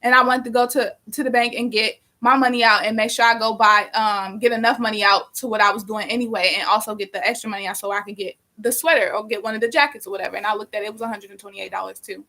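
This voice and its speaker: A young woman telling a story casually during a live stream, animated and profane, rambling with lots of fillers. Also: mid-range voice, fast, hardly any pauses.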